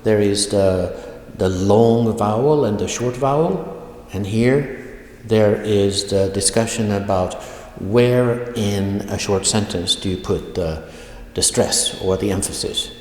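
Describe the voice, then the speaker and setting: A man teaching an online language lesson, speaking slowly and deliberately and repeating example phrases. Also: lowish voice, darkish tone. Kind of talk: online video lecture. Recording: echoey room with long reverb.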